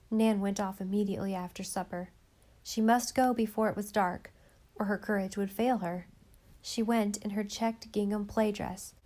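A woman's voice: mid-range voice, darkish tone. Woman reading a children's novel aloud. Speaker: audiobook narrator. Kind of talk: storybook narration.

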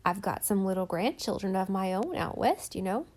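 A talkative old country widow, as a woman reads her part, her voice a little hoarse from a cold. She rambles on in homespun grammar, kindly and eager for company, like a character in a storybook read aloud. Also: mid-range voice, expressive, normal speed, a little mellow, lightly acted. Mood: folksy chatter. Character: chatty lonely old countrywoman, folksy and kindly.

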